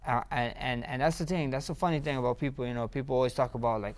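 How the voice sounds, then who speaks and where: Excitable man telling stories. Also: mid-range voice, fast. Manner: rambling, repeats words, grows excited and loud. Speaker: interview guest, fighter. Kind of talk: casual storytelling interview.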